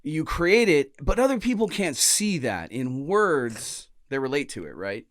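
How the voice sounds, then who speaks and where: A man's voice: on the high side, big pitch swings, measured pace, dry recording, clean studio sound. A man co-hosting a podcast in casual chat, joking and swearing loosely with his friend. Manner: loose, joking, profane banter. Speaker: podcast co-host.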